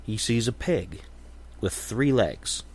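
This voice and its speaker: A man hosts his podcast in a casual, reflective monologue. His voice sits a little low. He wanders through his thoughts and often restarts his sentences. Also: expressive, slow, breathy edge. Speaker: podcast host.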